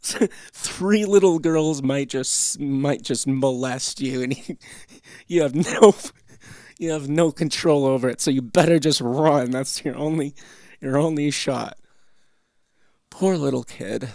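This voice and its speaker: Canadian male host, gravelly and mid-pitched, swearing through loose reaction chat at a dry home desk mic. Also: slow, a little mellow, no echo. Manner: rambling, profane, laughing asides. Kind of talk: casual reaction commentary.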